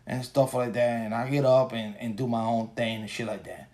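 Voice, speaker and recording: A man's voice: medium pitch, fairly even intonation, moderate pace, a little mellow. A man in his forties hosting a solo podcast, ranting casually with crude, profane and rambling talk, tired after a long workday. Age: 40s. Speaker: podcast host.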